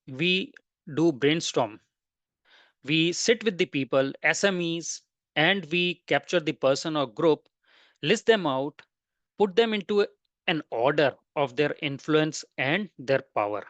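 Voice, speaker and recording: A man's voice: on the high side, no echo. A man presenting a webinar lecture, explaining step by step and listing terms one after another.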